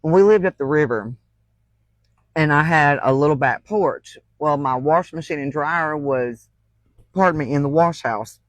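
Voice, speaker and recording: A woman's voice: sits low, normal speed, no echo, rough recording. A woman, hosting a crafting livestream and telling folksy stories with frequent laughter. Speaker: crafting channel host. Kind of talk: casual livestream storytelling.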